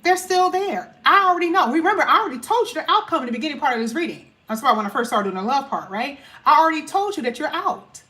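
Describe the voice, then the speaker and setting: A woman's voice: high voice, expressive, quick pace, hardly any pauses, sharp tone. A woman giving a casual, chatty tarot reading to her viewers, emphatic and full of casual slang. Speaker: tarot reader.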